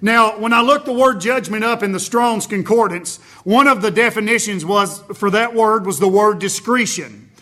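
A man preaching an impassioned sermon, swinging between loud emphasis and low, intense passages. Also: moderate pace, few pauses. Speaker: Baptist preacher.

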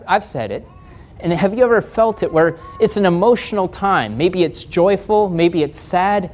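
An American man preaching a sermon as pastor, reading scripture aloud and slowing down to stress key points, with a gentle touch of humor. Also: high voice. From United States.

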